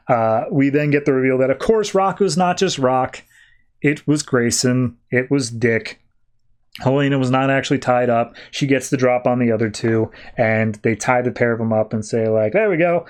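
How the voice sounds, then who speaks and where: A man, hosting a podcast, casually recapping a comic with quick, animated character voices. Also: medium pitch. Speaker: podcast host.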